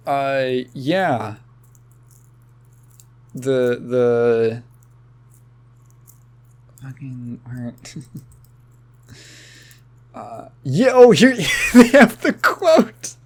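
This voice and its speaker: A man co-hosting a casual podcast, rambling with halting restarts, frequent laughs and swearing. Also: a little high, big pitch swings. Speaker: podcast co-host.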